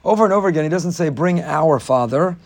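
A man delivers a Torah class at a fairly high pitch for a man. He moves between reading Hebrew passages and explaining them in plain English. His voice climbs with emphasis whenever he poses a rhetorical question. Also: lively intonation, fast talker, vocal fry, a little mellow. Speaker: rabbi giving a Torah class. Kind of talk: Torah lecture.

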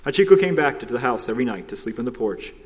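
A man's voice: mid-range voice, big pitch swings, quick pace, close to an everyday voice. A man voicing a stooped, kindly old gardener in a storybook, plain and friendly. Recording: long hall reverb.

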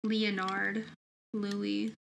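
A teenage girl chatting casually with a friend, giggling often and reeling off names in a flat run. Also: medium pitch, creaky, background noise. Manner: giggly, lists names in a rapid deadpan run. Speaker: student. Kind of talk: casual chat.

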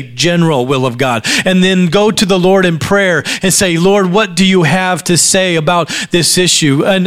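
A man's voice: high voice, a bit bright. A man preaching as a pastor at a church service, talking conversationally, often repeating words as he starts a sentence, with dry sarcastic asides. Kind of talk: sermon.

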